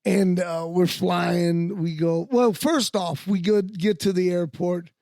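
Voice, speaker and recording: Gravelly high-voiced man, slow rambling stories. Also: fairly even intonation, darkish tone, dry recording, studio quality. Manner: profane, rambling with many fillers. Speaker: podcast co-host. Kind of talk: casual storytelling.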